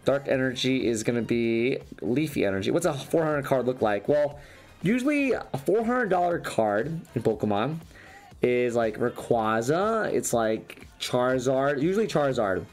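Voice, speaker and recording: A man who is losing his voice chats casually while opening trading card packs for YouTube, rambling through each card and restarting sentences. His mid-range voice is a little mellow, swings widely in pitch, and moves at a normal speed over faint background music.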